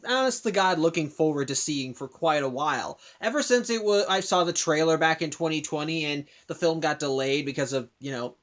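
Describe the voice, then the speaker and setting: A man's voice: fairly high pitch, fairly bright tone. A man in his twenties tells a long story in vlog style, rambling, with many restarts and asides. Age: 20s. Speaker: vlogger.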